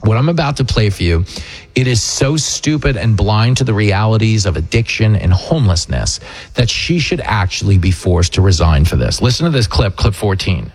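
A man hosting a talk show, ranting with sarcastic, animated, mocking political commentary. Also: fairly low pitch, normal speed, husky. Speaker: radio host and comedian.

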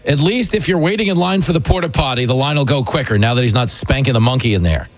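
A man's voice: medium pitch, animated, fast. A male talk radio host bantering with a caller in a mocking, joking manner.

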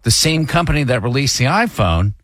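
Animated, husky morning radio host. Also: male voice, medium pitch, a little fast, no echo, studio quality. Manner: animated storytelling, exasperated dad humor. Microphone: studio microphone.

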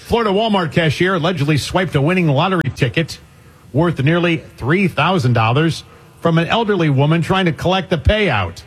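A man's voice: a little high, lively intonation, fairly quick, breathy edge. A man co-hosting a radio talk show, reading news items aloud with dry, sardonic asides. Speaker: radio co-host. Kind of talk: casual radio banter.

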